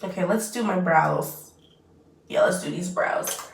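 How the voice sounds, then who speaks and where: A woman's voice: on the low side, a little slow, creaky, slight background noise. A young woman in her twenties chatting casually while doing her makeup, rambling and trailing off mid-sentence. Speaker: vlogger. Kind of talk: casual get-ready-with-me chat. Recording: roomy echo, mic at a distance.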